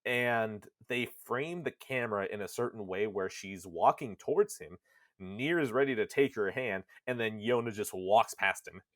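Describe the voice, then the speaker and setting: A podcast co-host with a lowish, slightly bright voice and lively intonation speaks at a moderate pace in clean studio sound with no room sound. He animatedly retells a video game's plot, swearing casually and slipping into character voices.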